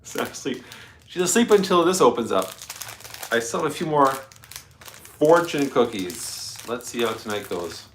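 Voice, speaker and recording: A man's voice: medium pitch, big pitch swings, normal speed, fairly bright tone, slight background noise. A Canadian man hosting a casual live stream, rambling chattily to his viewers and his dog, a little stuffy. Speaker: livestream host.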